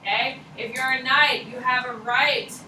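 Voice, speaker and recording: Woman history teacher, blunt and slangy, bright voice, quizzes the class, recorded from far back in an echoey classroom. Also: sits high, fairly even intonation, measured pace, slight background noise. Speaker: high school history teacher. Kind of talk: classroom lecture.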